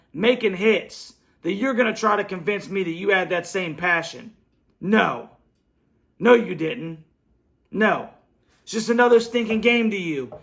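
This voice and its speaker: A man whose fairly bright voice sits high and creaks hosts a fan show from his home computer. Frustrated by a loss, he delivers a blunt, repetitive, angry post-game rant.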